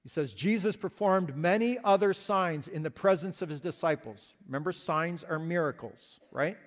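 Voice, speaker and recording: A man's voice: on the high side, normal speed, big-room sound. A man preaching a sermon as pastor, earnest and explanatory, often restarting and repeating himself.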